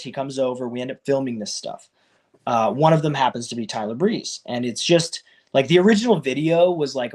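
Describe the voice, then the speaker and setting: A man, a professional wrestler, telling his career story in a casual, animated way and acting out what others said. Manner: animated, acts out quoted people with raised pitch; loose and conversational, many fillers like "like" and "you know".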